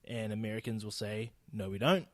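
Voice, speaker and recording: A man's voice: fairly low pitch, fairly quick, a bit bright, dry recording. A young man with a New Zealand accent, talking casually and bluntly on his own podcast, laughing and swearing freely. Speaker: podcast host. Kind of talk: casual solo podcast monologue.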